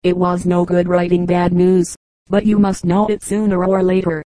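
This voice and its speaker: Woman reading as a calm gentleman father. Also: on the low side, normal speed, no room sound, close to an everyday voice, low-quality recording.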